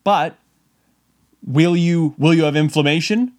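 A man in a casual comedic monologue, his voice sitting a little high as he rambles at an unhurried pace. He laughs often and slips into mock-outraged asides. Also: darkish tone.

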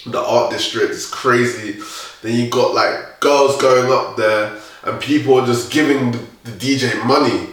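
A young man, co-hosting a podcast and telling a rambling, animated story with lots of laughter and restarts. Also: medium pitch, a little slow, recorded from a distance. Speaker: podcast co-host. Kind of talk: casual storytelling chat. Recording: echoey room, voice a bit off-mic.

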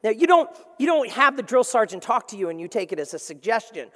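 A man delivers a sermon in a big hall where his voice rings out with a long reverb. He preaches with animated energy and playful asides, and he briefly puts on other voices to make his points. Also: sits high, fast. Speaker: pastor.

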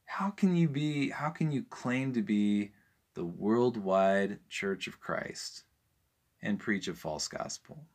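A man's voice: fairly low pitch, slow pace. A man preaching with growing fervor, firing off rhetorical questions and hammering each point. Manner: rising to fervent emphasis, rhetorical questions. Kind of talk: impassioned preaching.

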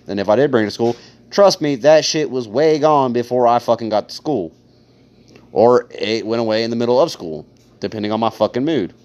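A young podcast host from Ohio delivers a casual storytelling monologue that is crude, heavily profane, and sarcastic. His voice is mid-range with a darkish tone, captured on a dull lo-fi recording.

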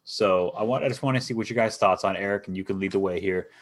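A man with a low voice co-hosting a casual sports podcast. He talks in a laid-back, hesitant way, with lots of "um"s and an occasional curse. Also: quick pace. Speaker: podcast co-host.

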